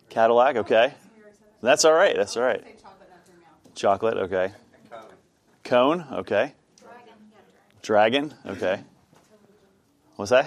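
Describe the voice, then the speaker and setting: A man leading an informal Bible study class, chatty and self-deprecating, with many fillers. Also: fairly low pitch.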